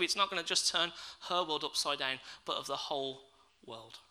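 Male preacher, very bright tone, slightly high voice, reflective sermon full of questions. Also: fairly quick, few pauses, poor audio. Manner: reflective, asks the listeners questions. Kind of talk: sermon with scripture reading.

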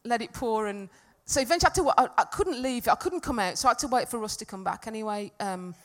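A woman's voice: a little high, fast, a bit bright. A middle-aged woman giving a talk at a church gathering, telling a personal story in a chatty, self-deprecating way. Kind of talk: sermon with personal anecdote.

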